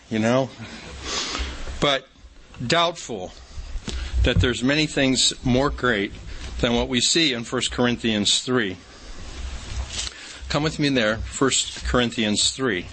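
Male preacher, folksy storyteller who leans on repetition, bright forward tone. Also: mid-range voice, slow, long pauses, a little hiss or hum, poor audio. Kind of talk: sermon.

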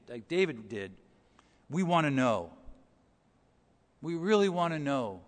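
Storytelling preacher in a reverberant church. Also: male voice, on the high side. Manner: storytelling, swings between soft and loud. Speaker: pastor. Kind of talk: sermon.

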